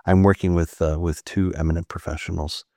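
A man's voice: deep voice, little pitch movement, brisk, a little mellow, no echo, clean studio sound. A man hosting a casual podcast, rambling and laughing between topics. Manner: rambling, laughing, self-mocking. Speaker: podcast host. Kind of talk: casual chat.

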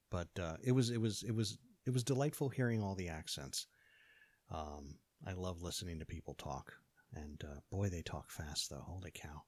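An American man in easy conversation who tells stories and laughs often. His voice sits a bit low, and the mic is close and dry. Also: normal speed, darkish tone, breathy edge, no echo. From United States. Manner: chatty storyteller, laughs often. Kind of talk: casual chat.

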